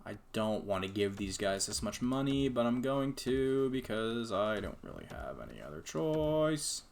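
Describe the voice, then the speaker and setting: A man's voice: lowish voice, big pitch swings, unhurried, creaky. A man giving casual commentary while playing a hockey video game, exasperated and sarcastic, muttering to himself. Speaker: gaming YouTuber.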